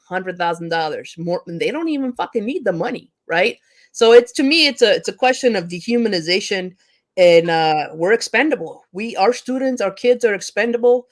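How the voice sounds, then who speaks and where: A woman teacher speaking in a heated, impassioned discussion, swearing freely and often restarting her sentences as she rants. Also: mid-range voice. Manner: heated, profane, ranting; frequent restarts and stumbles. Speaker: teacher and panel guest.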